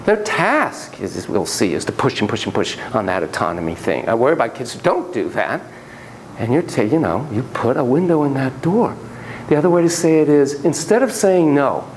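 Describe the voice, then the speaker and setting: Lively, theatrical male lecturer. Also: mid-range voice, a little hiss or hum, poor audio. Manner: theatrical, acts out quotes and monkey shrieks, jokey asides. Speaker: psychotherapist lecturing a class. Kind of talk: animated classroom lecture.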